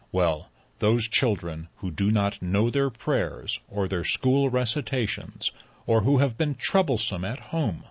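A man reading a first-person folktale aloud in a measured storybook manner. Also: fairly low pitch, slightly rough, dry recording. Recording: dull lo-fi recording.

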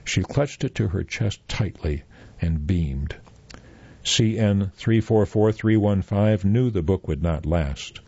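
A man reading a story aloud as narrator, in measured scripted narration. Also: low voice, dark tone, husky, no echo. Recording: dull, muffled dry recording.

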